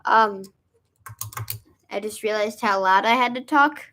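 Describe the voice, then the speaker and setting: A woman's voice: mid-range voice, unhurried, sharp tone. A woman helping host a trivia game, chatting casually and hesitantly with lots of fillers. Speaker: co-host keeping time. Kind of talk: casual chat.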